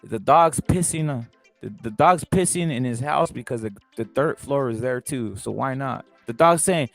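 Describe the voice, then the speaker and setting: A man hosting a live boxing talk stream who speaks in an animated, profane way, asks rhetorical questions over and over and drives his points home by repeating them. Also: medium pitch, moderate pace, gravelly, no room sound, faint music behind. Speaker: host.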